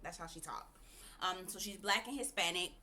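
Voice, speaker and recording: A woman hosting a casual reality TV review, sassy and animated, often talking straight to her viewers. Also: fairly low pitch, normal speed. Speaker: TV review host. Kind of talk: casual TV recap commentary.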